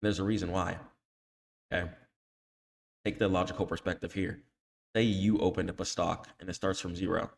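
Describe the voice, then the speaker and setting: A man's voice: low voice, flat delivery, normal speed, gravelly, long pauses. A man teaching trading on a chart, talking in casual slang and tagging "okay?" onto nearly every point. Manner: scolds emphatically when warning against emotional trading. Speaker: trading educator. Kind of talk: screen-share chart tutorial.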